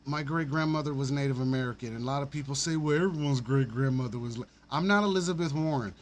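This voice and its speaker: A man's voice: fairly high pitch, quick pace, a little hiss or hum. A man from Alabama, hosting a casual livestream and talking bluntly and animatedly, with frequent swearing and laughter. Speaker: stream host.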